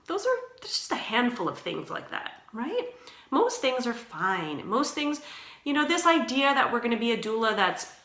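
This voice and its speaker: A woman's voice: medium pitch, bright, forceful tone, reverberant. A woman who works as a doula, giving casual, reassuring advice and often checking in with her listener. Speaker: doula and doula trainer.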